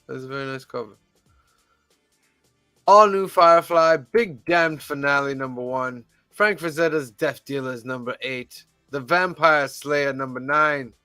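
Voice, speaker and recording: A man hosting a casual podcast, reading titles off a list in a measured, deadpan way with wry asides. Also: mid-range voice, smooth, no room sound, soft background music. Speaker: podcast host reading the weekly release list.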